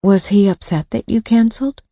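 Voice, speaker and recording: A woman's voice: mid-range voice, moderate pace, warm tone, dry recording, clean studio sound, voice pushed up, lightly acted. A woman voicing a persistent adult daughter who asks direct, probing questions, in an audiobook.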